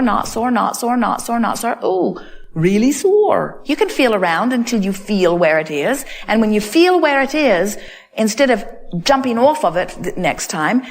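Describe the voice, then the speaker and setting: Woman, mid-pitched, emphatic seminar speaker, repeats her phrases for effect. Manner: emphatic, repeats phrases like "in other words" and "you see". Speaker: inspirational speaker answering audience questions. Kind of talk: seminar talk on stage.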